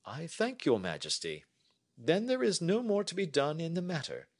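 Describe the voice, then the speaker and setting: A man's voice: on the high side, sing-song, normal speed, voice pushed up. A man voicing a cool, reserved detective in a storybook read for learners, speaking coldly and formally. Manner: cold and formal.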